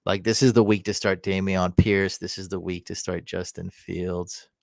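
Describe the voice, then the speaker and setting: A man hosting a live fantasy football stream, casually answering viewer comments and often breaking into excited, loud cheering. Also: low voice, gravelly, no room sound, studio quality. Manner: answers chat comments quickly. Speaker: fantasy football livestream host.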